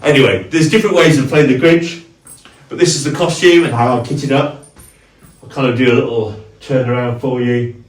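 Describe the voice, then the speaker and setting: A man casually walking through his costume, chatty and halting, with fillers and restarts. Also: mid-range voice, fairly even intonation, reverberant, distant mic. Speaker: cosplayer, video host.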